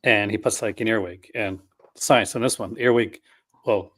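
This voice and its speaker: A man's voice: lowish voice, steady tone, normal speed, a bit bright. A man in a casual podcast chat, rambling through a story with restarts and laughing at his own jokes.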